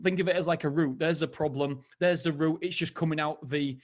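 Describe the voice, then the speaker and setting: A man's voice: a little high, fairly even intonation, brisk. A man hosting a motivational podcast, talking casually and rambling through a personal story, often restarting his sentences. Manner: chatty, rambling, self-interrupting storyteller. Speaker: podcast host. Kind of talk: motivational solo podcast talk.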